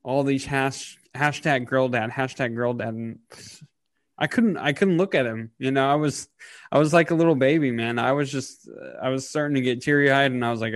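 A man in his thirties talking casually on a podcast, halting with many fillers and getting choked up. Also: mid-range voice, no room sound, studio quality. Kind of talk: casual emotional podcast talk.

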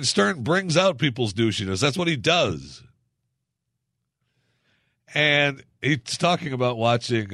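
A man's voice: mid-range voice, creaky, a bit bright, no room sound. Sarcastic male radio host, dry sound. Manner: sarcastic, mocking, rambling with fillers. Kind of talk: casual solo commentary.

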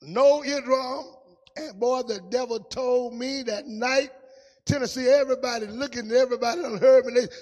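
A man preaching a testimony sermon in a sing-song style, dropping to a hush and rising to shouts. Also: very high voice, fairly even intonation, a little fast, big-room sound.

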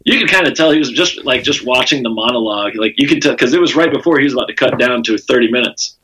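A man's voice: medium pitch, expressive, fast talker, bright, forceful tone, slight background noise, poor audio. A man with a Southern US accent, a comedian telling stories in a casual podcast chat, rambling with lots of fillers and cursing. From South Carolina. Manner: rambling storytelling with frequent fillers and profanity. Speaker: comedian guest.

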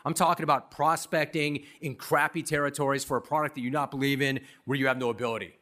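A middle-aged man from Los Angeles giving a commencement speech, telling his story in a punchy, self-deprecating, animated way. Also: mid-range voice, fast, few pauses. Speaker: commencement speaker. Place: university commencement ceremony.

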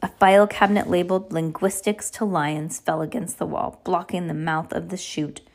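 A woman's voice: lowish voice, fairly even intonation, normal speed, gravelly, a little mellow. A woman reading a novel aloud, often stumbling and correcting herself as she goes. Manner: frequent stumbles and self-corrections. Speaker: reader.

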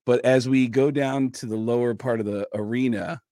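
A man guest on a podcast, telling a story in a casual, lively way and jumping into voices. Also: mid-range voice, moderate pace, dry recording, studio quality. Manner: lively, acts out voices, lots of fillers. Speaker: comedian guest. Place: podcast studio.

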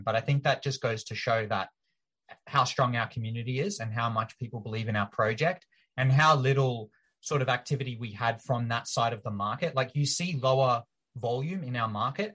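A man's voice: mid-range voice, a bit bright. A man appearing as a guest on a casual podcast, explaining his team's project in eager detail. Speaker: project team member guest. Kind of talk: casual interview chat.

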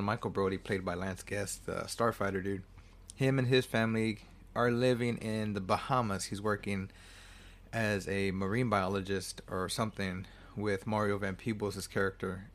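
Casting: laid-back guy with a lowish voice, loose movie recap full of swearing and self-corrections. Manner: rambling, swears freely, corrects himself often. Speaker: movie reviewer. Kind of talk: casual film recap.

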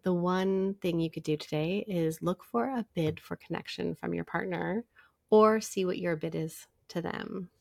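A middle-aged woman psychologist, a podcast guest, telling stories in a warm conversational way and acting out bits of dialogue. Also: on the low side, unhurried, gravelly, dry recording, clean studio sound. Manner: animated storyteller, acts out dialogue.

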